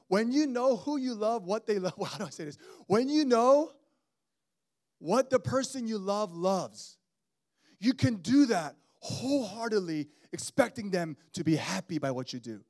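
Guy in his 30s preaching, fairly high voice, lively and chatty, keeps calling out to the crowd. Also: measured pace. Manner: animated, conversational preaching with call-outs to the congregation. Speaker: pastor. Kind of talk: sermon.

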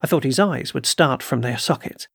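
A man narrating an old-fashioned tale as an audiobook, in a measured storytelling manner. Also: medium pitch, vocal fry, a bit bright, breathy edge, dry recording, clean studio sound. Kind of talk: scripted narration.

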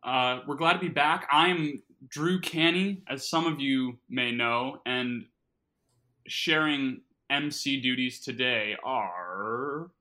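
Male podcast co-host, very bright sharp tone, rambling jokey delivery, talks with his mouth full. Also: mid-range voice, slow, low-quality recording. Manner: joking, rambling, many fillers. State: talking while eating. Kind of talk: casual podcast banter.

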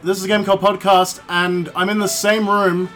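A man's voice: high voice, little pitch movement, normal speed, a bit bright, soft background music. A young man from Australia hosting a podcast, rambling and jokey, swearing casually as he introduces everyone. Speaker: podcast host.

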